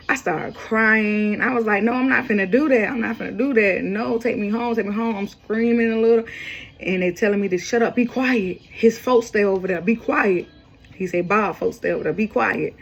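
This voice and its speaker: Woman, casual storytelling, rambling, slightly muffled lo-fi sound, steady pitch. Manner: casual, rambling, quoting others with raised pitch.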